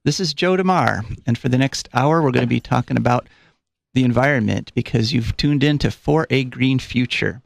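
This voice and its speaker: A man's voice: medium pitch, normal speed, creaky, dry recording. A man hosting a live call-in radio show, chatty and rambling with fillers, a little out of breath. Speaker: radio host. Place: radio studio. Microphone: studio microphone.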